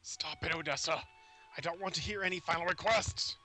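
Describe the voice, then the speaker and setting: A man's voice: on the high side, fairly quick, sharp tone, faint music behind. A man voicing a loyal male rebel fighter from a video game, reading the lines in a plain, earnest way. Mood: upset. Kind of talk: reading game dialogue aloud.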